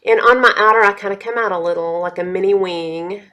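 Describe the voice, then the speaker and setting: A woman's voice: mid-range voice, brisk, bright, forceful tone, muffled recording. A woman chatting casually through a makeup tutorial, talking straight to her viewers. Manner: chatty, addresses viewers as y'all. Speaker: beauty vlogger.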